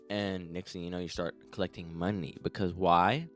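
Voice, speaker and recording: A man's voice: low voice, steady tone, normal speed, a bit bright, faint music behind. A young man telling a comedic story to the camera, rambling and crude, swearing often and talking to the listener as "you". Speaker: storytime vlogger.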